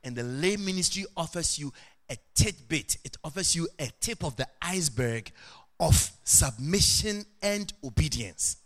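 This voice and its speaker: A middle-aged man preaching a sermon as pastor, animated, with sudden shouted and sing-song rises. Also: a little high, measured pace.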